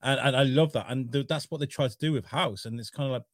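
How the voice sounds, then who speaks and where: A man's voice: mid-range voice, quick pace, no echo, clean studio sound. A man from Wales co-hosting a casual chat, rambling with stumbling restarts and frequent laughter. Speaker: podcast co-host.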